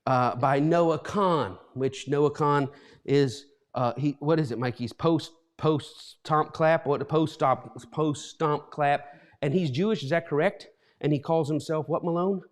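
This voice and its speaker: A man's voice: on the high side, unhurried. A middle-aged man preaching an informal sermon as a pastor, rambling with many repeated words and restarts, getting emotional.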